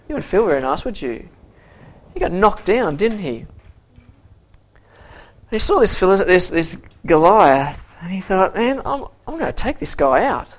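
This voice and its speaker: A teacher talks a class through a Bible story, pitched in the middle of the usual range. The delivery is halting, stopping to repeat words and throw questions at the listeners, and it slips into quoted voices for the characters. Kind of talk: interactive Bible story lesson.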